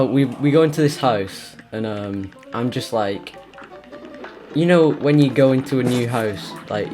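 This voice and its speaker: A British man rambling through a personal story while playing a video game, with many fillers and restarts. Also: fairly low pitch. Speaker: let's play gamer. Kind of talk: casual gameplay chat and storytelling. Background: game music.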